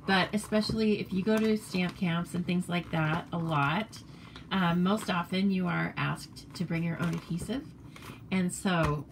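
A woman's voice: mid-range voice, a little hiss or hum. An American woman demonstrating papercraft cards in a casual, chatty tutorial, rambling with fillers and self-corrections.

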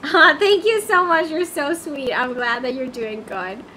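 A woman's voice: high-pitched, measured pace, pushed and bright, a little hiss or hum. A woman chatting casually on a game livestream, easily flustered and singing snatches of songs.

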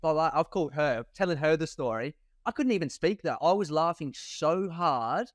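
Laughing co-host, slightly high. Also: male voice, lively intonation, normal speed, dry recording, clean studio sound. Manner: laughs a lot, chatty and teasing. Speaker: podcast co-host. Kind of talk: casual chat.

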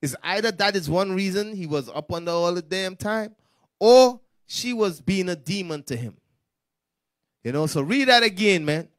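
A man leading a street-style Bible lesson in slangy, animated talk, acting out the voices of the people in the text. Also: high voice, moderate pace, no room sound, studio quality. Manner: slangy, animated, acts out quoted speech. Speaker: Bible study teacher.

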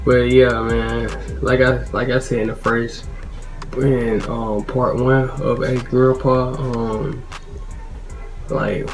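Casual filler-heavy male vlogger, flat voice. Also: mid-range voice, takes it slowly, soft background music, poor audio. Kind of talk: casual vlog intro.

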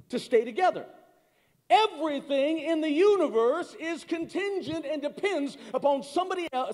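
A man preaching a sermon as pastor, calling out to his congregation, swinging between loud emphatic lines and slow, quiet ones. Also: extremely high pitch. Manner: call-and-response with the congregation. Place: large church hall. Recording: long church reverb.

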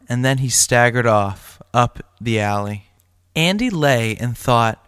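A male teacher reads a short story aloud in a steady, plain manner. His voice sits at a middle pitch. The sound is dry and close. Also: slow, clean tone, no room sound.

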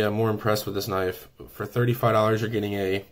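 Man with a low voice, casual vlogger reviewing a knife, eager and rambling. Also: level tone, fast talker. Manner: enthusiastic, rambling with many fillers.

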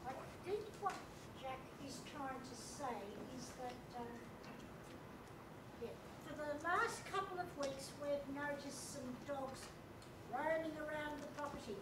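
A woman on stage playing a calm, measured housekeeper, heard from far off in an echoey, noisy theatre. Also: high-pitched. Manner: measured, hesitant. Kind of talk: amateur stage acting.

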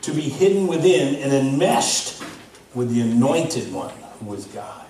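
Animated pastor in an echoing church. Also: male voice, mid-range voice, a little slow, a little hiss or hum. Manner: animated storytelling, laughing. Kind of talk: sermon. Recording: echoey hall from far off.

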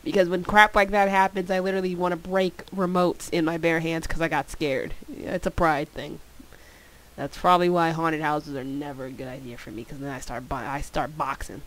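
A woman recording a let's play, reading game text aloud and joking, with frequent laughs and loud sudden exclamations. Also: low-pitched, little pitch movement, fairly quick, low-quality recording. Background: faint game music.

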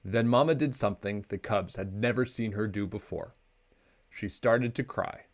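A children's picture book is read aloud by a man whose fairly low voice keeps a normal speed and an expressive storytelling tone.

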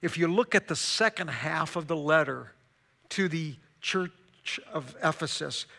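A male pastor preaching a sermon dramatically, swinging from loud emphasis to hushed, quiet stretches. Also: a little high, a little slow, creaky.

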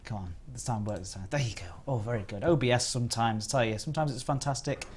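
Guy streaming a biscuit review, rambly and jokey, mid pitch, faint crinkles behind. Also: fast, slight background noise. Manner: chatty, jokey, rambling with restarts. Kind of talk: casual live-stream chat.

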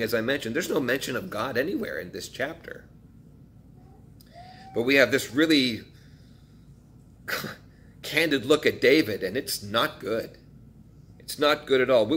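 A man's voice: mid-range voice, a bit bright. A male pastor preaching a sermon in a conversational way, asking his listeners questions and acting out quotes from the text.

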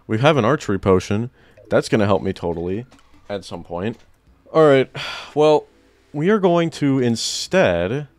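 A young man giving excited let's-play commentary, often jumping into loud, high-pitched outbursts. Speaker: gaming YouTuber.

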